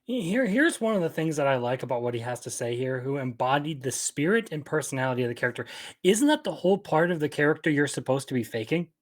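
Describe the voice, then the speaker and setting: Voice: medium pitch, lively intonation, quick pace. A co-host in a casual commentary chat, chiming in with sarcastic, laughing remarks.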